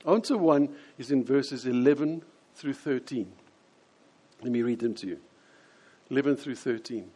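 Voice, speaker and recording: A man preaching a sermon, explaining scripture and acting out quoted voices with lively changes. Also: medium pitch, moderate pace, breathy edge. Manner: animated, acts out quoted voices.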